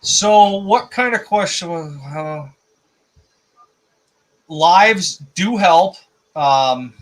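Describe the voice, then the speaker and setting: A man's voice: a little high, bright, forceful tone, poor audio. A man hosting a casual live stream chat, rambling and repeating words as he thinks.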